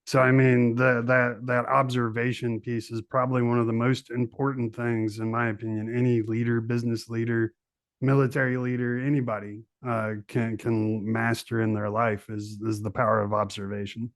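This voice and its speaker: A man hosting a podcast, chatting casually and explaining his ideas in a measured, reflective way. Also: medium pitch, flat delivery, dry recording. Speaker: podcast host. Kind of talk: casual conversation.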